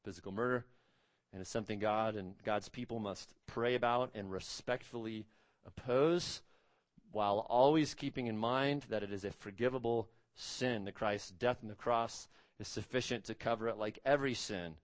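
A man's voice: normal speed, no echo. Emphatic male preacher, dry sound. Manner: emphatic, rising to stress key words and dropping low on solemn points. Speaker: pastor. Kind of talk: sermon.

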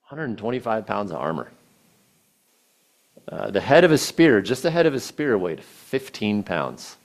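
A male preacher delivering a sermon with a lively, swinging pitch. He retells a scripture story in a casual, animated way, dropping in everyday asides and reading out verses along the way. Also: measured pace.

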